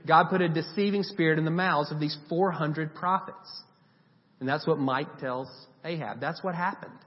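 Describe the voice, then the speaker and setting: A man preaching a sermon, retelling Bible stories in a lively, animated way and giving the people in them voices. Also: fairly high pitch, moderate pace. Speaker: pastor. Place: church sanctuary. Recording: dull recording with long reverb.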